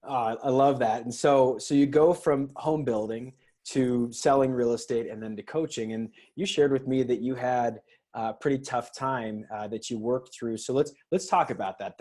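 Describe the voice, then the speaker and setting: A man's voice: mid-range voice, mellow. A man hosting a podcast, encouraging his guest and asking several questions at once. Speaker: podcast host. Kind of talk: interview questions.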